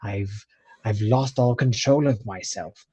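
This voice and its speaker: A man's voice: on the low side, takes it slowly, warm tone, breathy edge. A man voicing a cowardly male creature tormented by bloodlust, stammering and pleading. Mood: frightened pleading. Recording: dull lo-fi audio.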